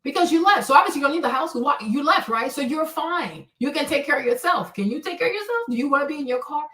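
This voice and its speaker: A woman's voice: high voice, lively intonation, fast talker, pushed and bright, roomy sound, distant mic. A woman hosting a livestream, handing out blunt relationship advice in a brash, profane, mocking way. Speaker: livestream host.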